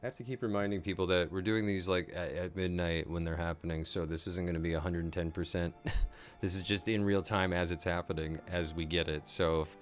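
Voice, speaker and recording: A man hosting a live episode reaction, an excitable fan who is tired and a little out of it late at night. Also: low voice, fairly quick, faint music behind. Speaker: show host.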